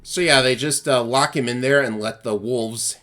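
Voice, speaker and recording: A man's voice: medium pitch, normal speed, fairly bright tone, soft background music. Wry man commenting on gameplay. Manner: wry, joking asides. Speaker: let's play host.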